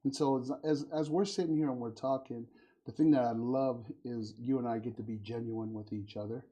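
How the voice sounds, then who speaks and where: Middle-aged guy hosting a chat, husky mellow voice, tells stories and does the other people's lines. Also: medium pitch, steady tone, fairly quick. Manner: warm storytelling, acts out quoted voices. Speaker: podcast host. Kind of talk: casual conversation.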